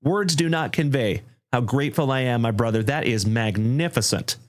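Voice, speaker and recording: Guy hosting a live card break, hyped and gushing thanks, regular pitch. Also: moderate pace, hardly any pauses. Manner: effusive, shouts of excitement, heartfelt thanks to viewers. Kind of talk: livestream card break chat.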